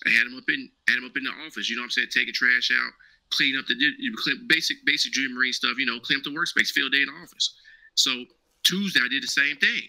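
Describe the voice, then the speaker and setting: A man's voice: mid-range voice, fast talker, creaky, sharp tone, rough recording. A man, a former Marine, telling a casual story as an interview guest. He talks animatedly, acts out the dialogue and keeps checking in with "right?".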